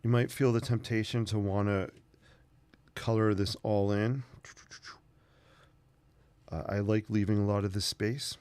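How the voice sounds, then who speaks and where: A man's voice: on the low side, fairly even intonation, unhurried, long pauses, darkish tone, clear, resonant tone, no room sound. A man hosting a casual painting tutorial, rambling through chatty asides as he works. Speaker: sketching channel host.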